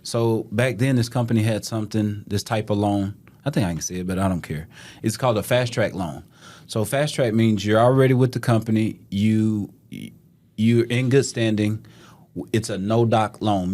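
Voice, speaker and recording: A man from Texas, telling animated stories in a casual podcast chat and acting out the dialogue. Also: lowish voice, a little fast. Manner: animated storyteller, acts out quoted dialogue. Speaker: podcast guest.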